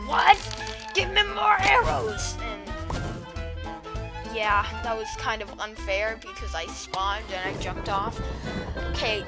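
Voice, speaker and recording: Woman, a bit high-pitched, self-mocking gaming host talking over game clips, loud game music under her. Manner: rambling, self-mocking, with frequent restarts and fillers. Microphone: new desktop microphone.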